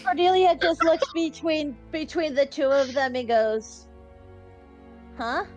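A woman with a high voice describes her character's actions at a tabletop game, pausing often and filling gaps with 'um' and 'like'. The audio is slightly muffled, with faint music in the background. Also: lively intonation, a little mellow. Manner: halting, many fillers. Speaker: player.

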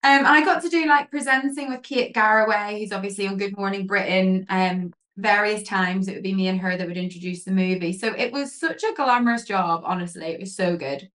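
A woman guest chatting in an interview, telling lively stories full of fillers and acting out what people said. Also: mid-range voice, fairly quick, hardly any pauses. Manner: lively storyteller, many fillers, acts out quotes. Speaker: guest, pageant queen and photographer. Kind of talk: casual interview chat.

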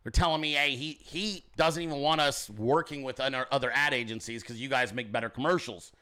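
A man hosting a casual chat, telling a story with animated acted-out quotes and casual swearing. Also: mid-range voice, fairly quick. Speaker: podcast host.

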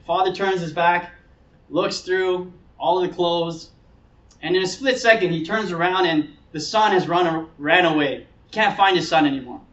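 A pastor with a high-sitting, fairly bright voice preaches earnestly at a moderate pace, sometimes acting out the voices of people in his story. The recording is dull and echoey, made in a hall with him far from the mic.

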